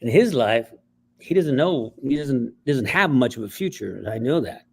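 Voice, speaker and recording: A male writer and actor telling stories in an interview, animated and acting out bits along the way. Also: medium pitch, normal speed, vocal fry, slightly rough. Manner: animated, acts out voices, frequent restarts. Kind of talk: interview storytelling.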